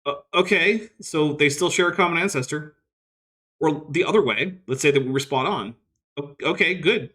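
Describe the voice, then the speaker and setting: A man's voice: a little high, normal speed, fairly bright tone. A man hosting a casual livestream, reading viewer comments with wry, skeptical asides. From United States. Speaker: host.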